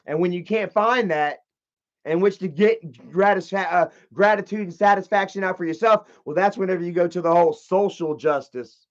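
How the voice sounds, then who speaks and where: Dude with a high voice cussing through a rambling story, muffled lo-fi sound. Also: male voice, moderate pace. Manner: profane, rambling, repeats himself. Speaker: channel host. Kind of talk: casual storytelling rant.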